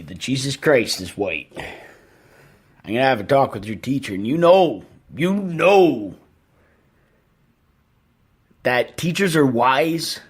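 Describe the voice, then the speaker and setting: A man's voice: mid-range voice, slightly rough. A man doing a comedic impression of a blustering, patriotic rock-star father, hosting a podcast with rambling, self-righteous stories. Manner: rambling, self-righteous storytelling with slow pauses. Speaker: podcast host.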